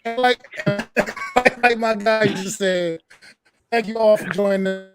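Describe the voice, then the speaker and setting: Hyped man with a high voice. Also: steady tone, measured pace, over music. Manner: hyped, addresses the audience as folks and y'all. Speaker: podcast co-host. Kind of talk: casual sports podcast outro.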